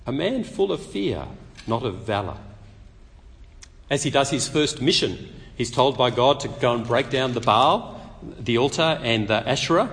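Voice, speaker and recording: A man preaching a sermon, telling the story lively and acting out the quotes. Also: medium pitch, moderate pace, pauses often, in a large hall.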